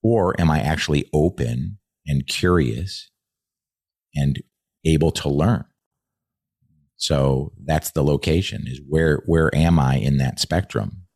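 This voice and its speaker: Very deep-voiced man, dry sound. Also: slow, creaky, darkish tone, husky, no echo. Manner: earnest, swears freely. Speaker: leadership trainer. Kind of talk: podcast conversation.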